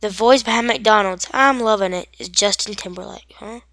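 A woman talking casually over her game, wandering between jokes and screen text she reads aloud. Her pitch sits mid-range, neither high nor low. The sound is dry and close, with no room ring. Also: moderate pace, fairly bright tone, no echo. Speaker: gaming video creator. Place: indoors at home.

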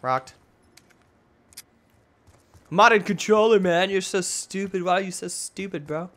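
A young man hosting gameplay commentary, swinging between loud outbursts and low muttering while he plays. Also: unhurried. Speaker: gaming channel host.

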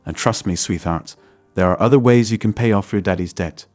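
A man's voice: on the low side, a little fast, darkish tone, dry recording, faint music behind, close to an everyday voice. A man voicing a smug, menacing male loan shark who speaks in a mocking, threatening way.

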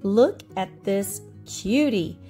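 A woman's voice: mid-range voice, animated, slow, mellow, soft background music. A middle-aged woman vlogger chatting about her thrift finds in a nostalgic, friendly way, laughing often. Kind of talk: casual show-and-tell narration.

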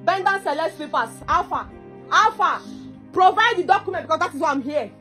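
A woman's voice: extremely high pitch, lively intonation, a little fast, pushed and bright, faint music behind. A woman with a Nigerian accent in a heated, combative argument, repeating herself and slipping into Pidgin. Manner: combative, repetitive, mixes Pidgin. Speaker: social media personality.

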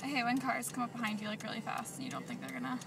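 A woman's voice: on the high side, very animated, rapid-fire, music in the background. A young woman vlogging as she drives, chatting and venting with lots of filler words. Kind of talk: casual vlog while driving. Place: inside a car. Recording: distant mic with road noise.

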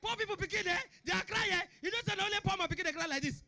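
A young man with a Nigerian Pidgin accent doing a stand-up comedy routine, shouting punchlines and acting out characters. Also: very high voice, rapid-fire. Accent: Nigerian Pidgin English.

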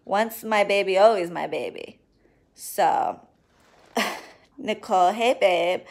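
A woman's voice: medium pitch, takes it slowly, gravelly. A woman doing readings and spell work, chatting casually and affectionately to her viewers on a livestream, swearing now and then. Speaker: spiritual reader and spell worker.

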